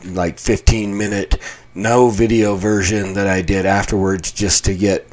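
A man's voice: fairly low pitch, level tone, a little slow, darkish tone. A man from Colorado, a pastor hosting his own podcast, talking alone in a small basement room in a chatty, wry, self-mocking way. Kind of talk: casual solo podcast monologue.

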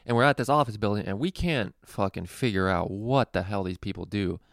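A man's voice: fairly low pitch, a little fast, creaky, no room sound, clean studio sound. A man telling a rambling, profane work story casually, with a lot of laughing.

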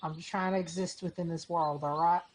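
A man voicing a brash young male adventurer with a man bun in a tabletop game, in a put-on high falsetto and, later, a put-on cowboy drawl, talking back defensively and sassily. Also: fairly even intonation, a little fast, slight background noise, natural voice, poor audio. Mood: defiant drawl. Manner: defensive, sassy banter in character. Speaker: player. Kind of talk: tabletop role-play, in character.

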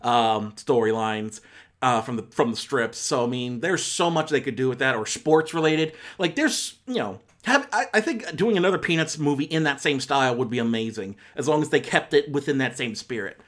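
A man's voice: medium pitch, lively intonation, normal speed, a bit bright. A man giving a casual spoken film review on a podcast, rambling and self-correcting with many fillers and exasperated asides.

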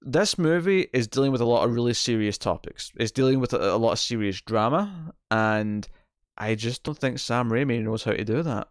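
A man's voice: mid-range voice, expressive, normal speed, dry recording, studio quality. A man co-hosting a casual film podcast, talking in a rambling way with many restarts. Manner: rambling, frequent restarts and repeated words. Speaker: podcast co-host. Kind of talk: casual movie review chat.

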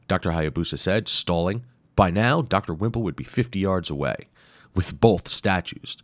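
A deep-voiced male storyteller reads an action tale with lively, swooping intonation. He voices the sound effects himself, recorded close in a dry room. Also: moderate pace, no room sound. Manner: dramatic, with acted sound effects. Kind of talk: scripted adventure narration.

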